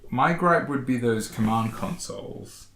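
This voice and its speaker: A man's voice: mid-range voice, a little slow, fairly bright tone, a little hiss or hum. A man hosting a casual review chat, hesitant and rambling, with many fillers and restarts. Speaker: board game channel host. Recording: echoey room.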